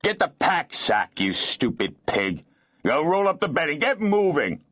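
Male narrator doing a whiny, stammering slob of a cotholder, pitched up high. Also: very animated, a little slow, a bit bright, dry recording, clean studio sound, full character voice. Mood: snarling. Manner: high plaintive whine, stammering. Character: whining slovenly male cotholder, sniveling.

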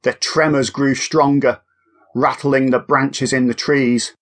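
A man narrating a children's audiobook in a lively, expressive way. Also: medium pitch, slow.

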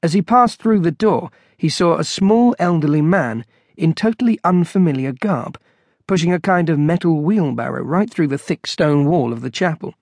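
A man narrating an audiobook in a measured, wry storytelling manner on a close studio mic. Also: on the high side, lively intonation, darkish tone, dry recording.

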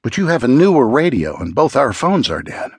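A panicked woman caught in a disaster, pleading and urgent, as a male narrator puts her on. Her voice sits above his own but keeps its husky grain. The audiobook sound is dry and close. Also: medium pitch, very animated, a little fast, no echo, pitched above the performer's own voice. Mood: worried. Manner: anxious, urgent. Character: frightened young woman in a disaster.

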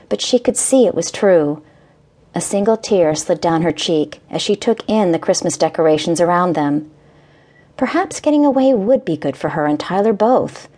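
Lady reading a romance audiobook, slightly low voice, calm and measured. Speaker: audiobook narrator. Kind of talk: scripted narration.

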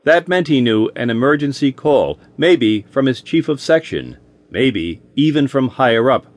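A man narrating an audiobook in a wry, expressive storytelling manner. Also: medium pitch, unhurried, no echo.

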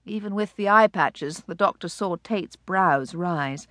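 A woman narrating an audiobook in a measured, clear storytelling manner. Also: fairly low pitch, a bit bright, no room sound, studio quality. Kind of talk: scripted narration.

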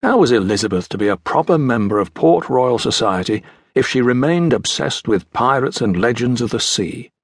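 A male narrator reading a children's adventure audiobook, his voice slightly husky and mid-pitched. The recording is dry and close, with no room around it. He tells the story in a measured, even manner. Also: dry recording. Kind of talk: scripted narration.

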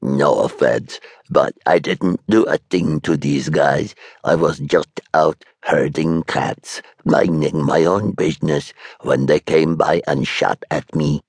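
A very deep, husky hobgoblin grumbles in slow, heavy words, as a male narrator puts him on. He sounds gruff and aggrieved, a little storybook creature. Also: fairly even intonation, a little mellow, no echo, full character voice.

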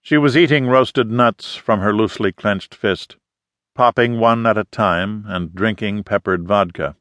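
Low-voiced man narrating an audiobook. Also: a bit bright, dry recording. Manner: measured, literary reading. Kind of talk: scripted narration. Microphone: close studio mic.

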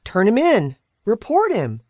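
Audiobook heroine: woman narrator doing a blunt, pushy woman reporter, lively and animated, dry read. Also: on the high side, unhurried, no room sound, pitched above the performer's own voice, exaggerated voice. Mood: insistent. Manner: blunt, insistent.

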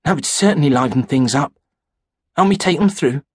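Teen boy, casual loyal mate, raised husky voice, read by a male narrator. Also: a little high, animated, moderate pace, no room sound, studio quality, voice pushed up. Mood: easygoing. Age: teens. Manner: casual, reassuring. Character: teenage boy, easygoing loyal friend.

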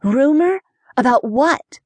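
A woman's voice: slow pace, dry recording. Woman voicing an eager, squealing little girl detective. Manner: excited and eager, high squealing lines. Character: eager spunky nine-year-old girl detective.

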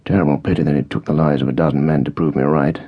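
A man reads a grave senior British officer who speaks in measured, authoritative tones. The voice is very deep and gravelly, and the audiobook recording is dull. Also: fairly even intonation, full character voice.

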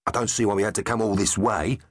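A man's voice: lowish voice, steady tone, fast, no room sound, studio quality, lightly acted. Man doing a hearty hungry stegosaur captain. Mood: grumbling. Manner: bluff and eager. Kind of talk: audiobook character voice.

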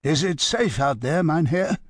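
A man's voice: fairly high pitch, lively intonation, a little slow, no room sound, studio quality, voice pushed up. A man playing a sleepy, shabby older professor who speaks with formal politeness. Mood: courteous.

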